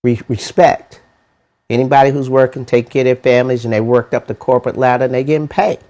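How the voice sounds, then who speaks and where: A man giving a motivational money talk, animated and preachy, with lots of rhetorical questions and slangy, casual phrasing. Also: medium pitch, quick pace. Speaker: money mentor.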